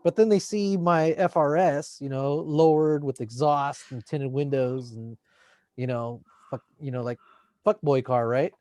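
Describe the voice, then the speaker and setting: Man, fairly high voice, dry close sound, laid-back, reflective, swears casually. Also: measured pace, darkish tone, no echo. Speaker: podcast co-host, teacher. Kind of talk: casual chat.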